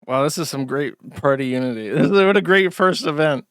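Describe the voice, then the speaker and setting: A man's voice: a little high, fairly quick, very noisy. A man commentating casually on video clips, sarcastic and mocking, often laughing.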